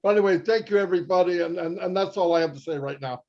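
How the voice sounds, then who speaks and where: A man's voice: high-pitched, quick pace, lo-fi sound. An older man giving an effusive, joking motivational talk on a livestream.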